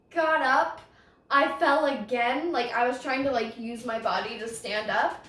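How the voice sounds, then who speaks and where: Podcast host: young woman, rambling self-conscious storyteller, bright high voice, sits back from the mic. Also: a little slow, distant mic, a little hiss or hum. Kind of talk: casual storytelling. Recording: roomy echo, voice off-mic.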